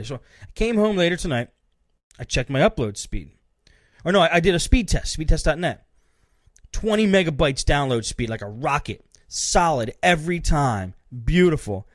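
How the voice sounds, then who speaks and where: Man, podcast host, casual rant, slightly high voice, dry close sound. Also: no echo. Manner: animated, acts out both sides of phone calls.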